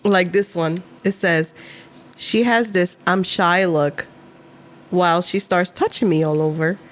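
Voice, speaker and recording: A woman's voice: on the low side, fairly even intonation, unhurried, rough recording. A woman co-hosting a podcast in casual chat, giggling often as she reads and reacts. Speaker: podcast co-host.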